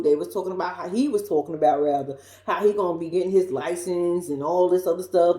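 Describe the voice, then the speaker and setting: A woman's voice: on the low side, warm tone. A woman giving a blunt, sassy, profanity-laced casual recap of a reality show. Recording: roomy echo.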